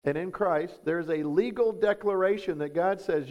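A man's voice: sits high, normal speed, darkish tone, lo-fi sound. A man, preaching a sermon as pastor, emphatic and full of rhetorical questions.

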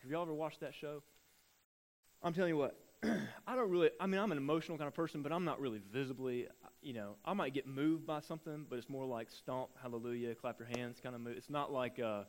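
A pastor with a medium-pitched voice preaches a sermon, telling animated stories and acting out the voices of the people in them.

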